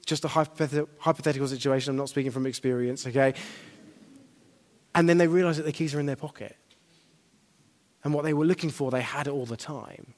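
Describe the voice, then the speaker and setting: A man preaching a sermon, conversational and animated, rising to emphatic declarations. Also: medium pitch, fast, long reverb tail.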